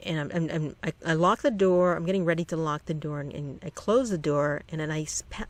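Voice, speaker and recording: A channel host telling a personal story in a rambling, halting way, often restarting sentences. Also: medium pitch.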